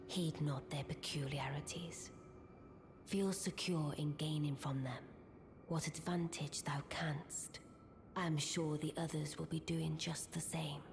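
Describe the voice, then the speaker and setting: A woman voicing an aloof, commanding sorceress who speaks in archaic, formal phrases with a soft, breathy delivery. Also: sits low. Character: regal mysterious female sorceress, aloof and commanding. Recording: game audio with music behind.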